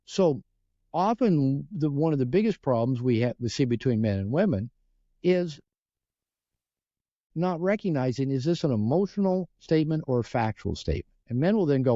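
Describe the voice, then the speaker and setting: A man speaks as a podcast guest, earnest and explanatory. His voice is warm and mellow, with lively swings of pitch as he acts out bits of dialogue. The sound is dry and a little dull. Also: normal speed, no echo. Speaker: podcast guest, relationship author. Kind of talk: podcast interview storytelling.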